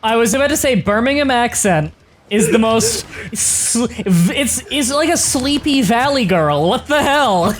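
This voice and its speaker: A woman's voice: on the high side, expressive, a little slow, slight background noise. A woman from Canada chatting casually on a gaming stream voice call, blunt and joking, swearing freely.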